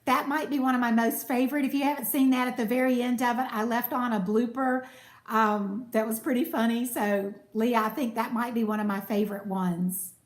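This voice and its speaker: A woman chats casually on a live stream, reading and answering viewer comments. Her voice is high and soothing. The room around her is noticeably echoey. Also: steady tone, brisk. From United States. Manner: chatty, warm thanks to viewers, reads comments aloud. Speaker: cooking channel host.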